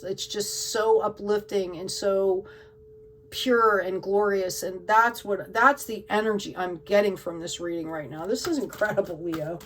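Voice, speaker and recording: A woman's voice: medium pitch, moderate pace, distant mic, slight background noise, poor audio. A woman giving a tarot card reading to her viewers in an emotional, gushing way, often checking in with "okay?". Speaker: tarot reader.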